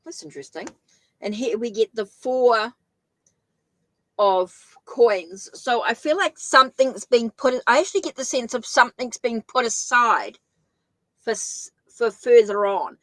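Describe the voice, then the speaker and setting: A woman's voice: a little high, lively intonation, unhurried, no echo, low-quality recording. A middle-aged woman with a New Zealand accent, chatting her way through a live-streamed tarot reading, thinking aloud with frequent restarts. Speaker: tarot reader.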